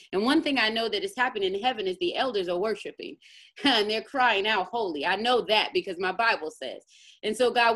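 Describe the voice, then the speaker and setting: A woman's voice: medium pitch, brisk, a bit bright. A woman pastor leading a fervent, repetitive worship prayer that swells on the cries of holy, then teaching. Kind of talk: prayer and sermon.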